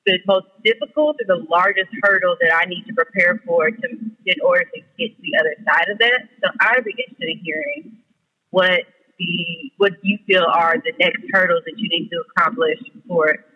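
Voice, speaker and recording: A man's voice: high voice, expressive, moderate pace, big-room sound, dull audio. A man guest on a podcast, talking casually and easygoing, laughing between thoughts. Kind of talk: casual chat.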